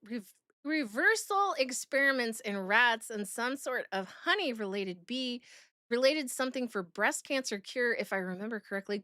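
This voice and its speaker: A woman's voice: a little high, sharp tone, dry recording, studio quality. A woman streamer chatting casually with her viewers, giggling as she reads out chat messages. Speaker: streamer reacting to a video.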